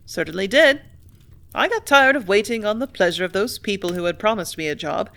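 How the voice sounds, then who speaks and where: A woman voicing a cheerful, earnest young clerk in an audiobook reading, a touch louder and higher than her narration. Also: lively intonation, brisk. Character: cheerful young man, left-handed clerk.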